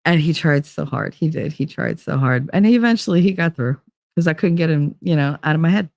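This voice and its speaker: A woman's voice: deep voice, brisk, vocal fry, darkish tone, no room sound, studio quality. Rambling, chatty woman telling a story. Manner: rambling, chatty, full of "like" fillers. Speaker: podcast host. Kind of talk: casual storytelling monologue.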